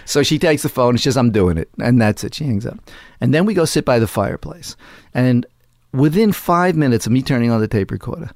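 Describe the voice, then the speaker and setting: A man's voice: mid-range voice, expressive, a little fast, few pauses, darkish tone, no echo, studio quality. A man telling a long anecdote in an interview, acting out quoted lines in other voices. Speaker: interview guest. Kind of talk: conversational storytelling.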